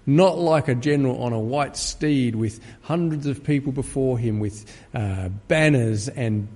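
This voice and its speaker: A man's voice: medium pitch, darkish tone. Man preaching in an echoing empty church. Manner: rising to fervent, pleading peaks. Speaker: pastor. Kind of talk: sermon. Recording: long reverb of an empty church.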